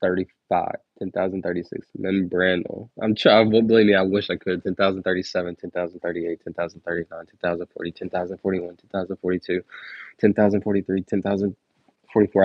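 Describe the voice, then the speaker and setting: A man's voice: low voice, a little fast, husky, no echo. A young man on a casual livestream counting numbers aloud, laid-back and slangy, chatting to viewers between numbers. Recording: dull lo-fi dry stream audio.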